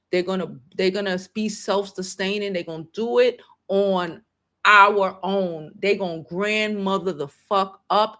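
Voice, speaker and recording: A woman's voice: medium pitch, fairly bright tone. A woman hosting a casual livestream, talking in an emphatic, emotional way and swearing freely. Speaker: livestream host.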